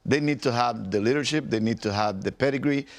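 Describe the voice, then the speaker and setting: A man, a former pitcher working as an analyst, talking emphatically in a studio sports discussion and often repeating himself. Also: brisk.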